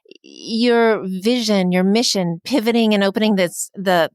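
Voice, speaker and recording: A woman's voice: mid-range voice, unhurried, darkish tone, clear, resonant tone, no echo, clean studio sound. Woman host interviewing a guest. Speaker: podcast host.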